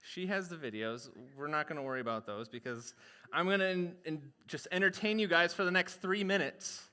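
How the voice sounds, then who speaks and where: A man's voice: fairly high pitch, bright, forceful tone. A man, a pastor, chatting playfully on a live stream.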